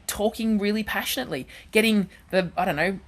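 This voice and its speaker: A woman, a guest comedian telling animated stories in casual chat on a radio show. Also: medium pitch, brisk. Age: 40s. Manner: animated, chatty anecdote telling. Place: radio studio.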